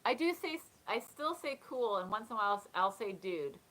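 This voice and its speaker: A woman's voice: mid-range voice, big pitch swings, normal speed, sharp tone, rough recording. A woman hosting a casual live chat, talking in a chatty way, often laughing and reading comments aloud. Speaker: live stream host.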